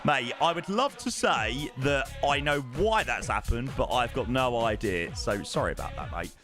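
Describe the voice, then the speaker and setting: A man's voice: mid-range voice, lively intonation, normal speed, a bit bright, faint music behind. A man chatting casually on a live stream, thanking subscribers one by one and swearing now and then. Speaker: flight sim streamer.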